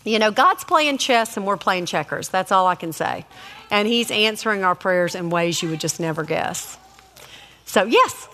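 A middle-aged woman telling faith-based stories about family in a casual, animated way, acting out voices and adding many asides. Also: mid-range voice, normal speed, big-room sound. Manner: animated, acts out quoted voices, lots of asides.

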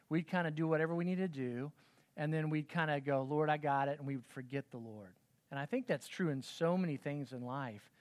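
A man in his forties delivers a sermon to parents in a loose, chatty way, often pausing to check in with the room. His voice sits a little high for a man. The sound is dry and close, with no room echo. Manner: conversational, self-deprecating storytelling with frequent "okay?" check-ins. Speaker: pastor.

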